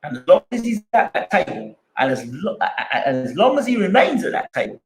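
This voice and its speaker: A man's voice: high-pitched, very animated, fairly quick, echoey room, rough recording. A man hosting a boxing channel live stream, arguing his points with repeated rhetorical questions and answering chat.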